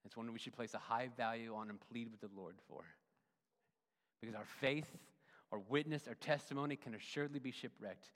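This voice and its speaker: A male pastor preaching a sermon, swinging from loud emphatic runs to hushed, soft endings. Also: medium pitch. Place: church sanctuary. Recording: long reverb of a church hall.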